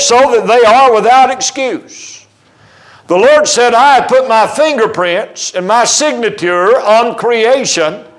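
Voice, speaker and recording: A man preaching from the pulpit with a high-set voice. He delivers the sermon emphatically, telling stories and acting out quoted dialogue along the way. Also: a bit bright, rough recording. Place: church sanctuary.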